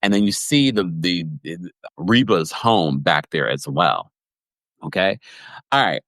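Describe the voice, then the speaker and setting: A man hosting a livestream podcast recap, chatty and animated, laughing often and reading viewers' comments. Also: sits low, a little slow, no echo. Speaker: podcast host recapping reality TV.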